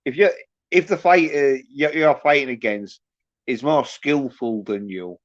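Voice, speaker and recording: A man's voice: mid-range voice, unhurried, dry recording. A man hosting a livestream, ranting with constant swearing. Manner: profane, ranting, heavy swearing. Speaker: livestream host. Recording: dull lo-fi stream audio.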